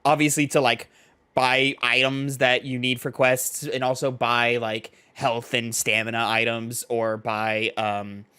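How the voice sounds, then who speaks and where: A man co-hosting a gaming podcast, chatting casually and retelling stories with animated, filler-heavy delivery. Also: mid-range voice, measured pace, clear, resonant tone. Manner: animated storytelling, lots of "like". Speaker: podcast co-host. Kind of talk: casual chat.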